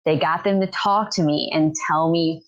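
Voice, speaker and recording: A woman's voice: low-pitched, moderate pace, muffled recording. A young woman guest in a casual podcast chat, telling a personal story and acting out what others said. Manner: animated storytelling, acts out quoted voices. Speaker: podcast guest, birth keeper. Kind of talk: casual conversation.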